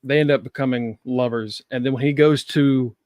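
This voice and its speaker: A man's voice: mid-range voice, fairly even intonation, moderate pace, a little mellow, dry recording, studio quality. A man hosting a casual TV review chat, cursing and laughing often as he talks. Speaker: podcast host.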